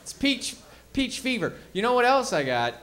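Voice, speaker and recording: A man's voice: extremely high pitch, very animated, normal speed, fairly bright tone. A man doing a stand-up set, wryly teasing the crowd and drawing out his punchlines. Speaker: stand-up comedian. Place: comedy club stage, audience.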